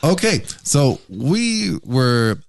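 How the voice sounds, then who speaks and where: A man's voice: medium pitch, very animated, very slow, creaky. A man hosting a casual podcast chat, loose and joking, swearing freely. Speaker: podcast host.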